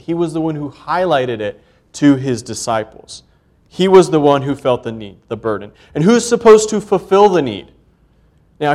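A man's voice: on the high side, a little mellow. A man preaching a sermon earnestly, building emphasis on key points and reading scripture aloud in old-fashioned wording. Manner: reads scripture aloud in King James wording.

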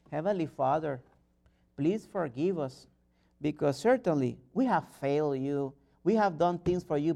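Man, preacher, earnest sermon, restarts, builds to loud fervor. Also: a little high, vocal fry. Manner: earnest, rising to loud fervent exhortation; non-native phrasing and frequent restarts.

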